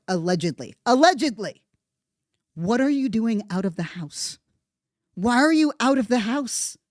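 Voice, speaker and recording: This is a podcast host talking casually through the news as comedy. The delivery is animated and sarcastic, with plenty of swearing. The voice sits in a middle register and sounds close and dry, with no room around it. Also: medium pitch, dry recording. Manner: animated, profane, sarcastic riffing.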